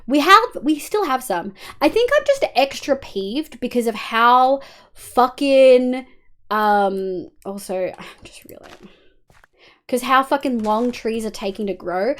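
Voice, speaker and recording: Lively Australian woman streamer, swears freely. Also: a little high, unhurried. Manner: exasperated, swears a lot, chats with viewers. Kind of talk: live game stream chat.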